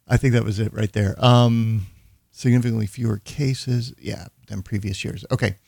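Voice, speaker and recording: A man with a gravelly, husky voice comments on clips as host of his show. He speaks deliberately and slows down to stress his points, in a dry-sounding recording. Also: lowish voice, a little mellow, dry recording. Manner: deliberate, emphatic, slowing for key points.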